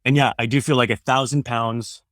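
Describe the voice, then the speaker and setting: A man's voice: mid-range voice, steady tone, a little fast, a bit bright, dry recording, clean studio sound. A middle-aged man from Canada, a former radio host, talking earnestly and loosely as an interview guest, peppering his talk with "man" and "you know". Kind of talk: candid interview conversation.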